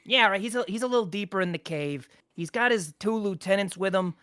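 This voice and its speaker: A man's voice: high voice, brisk, a bit bright, clean tone, no room sound, studio quality. A young man narrating as game master, rambling with many fillers and restarts.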